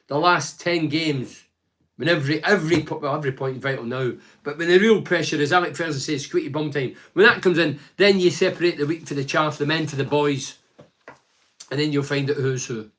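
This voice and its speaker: An older man from Scotland talking casually about football as a pundit, reading out fan messages and rambling with lively asides. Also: fairly high pitch, fairly quick. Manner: animated, chatty, rambling with asides. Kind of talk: casual solo football commentary.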